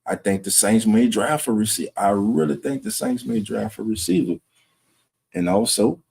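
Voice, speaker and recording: A man hosting a late-night sports livestream at home, talking low and greeting chat viewers by name. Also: vocal fry, mellow, breathy edge. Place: home room at night with wife resting nearby.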